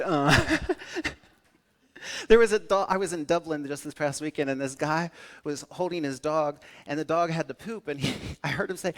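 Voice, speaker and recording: A young man with a somewhat high voice delivers a humorous keynote to a conference crowd. His style is playful and energetic, with jokes along the way and sudden jumps in loudness. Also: brisk. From northern United States. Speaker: conference speaker.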